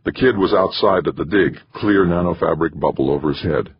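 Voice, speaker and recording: A man reading a novel aloud as an audiobook narrator, in expressive storytelling. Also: low voice, a little fast, hardly any pauses, slightly rough, muffled recording. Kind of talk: scripted narration.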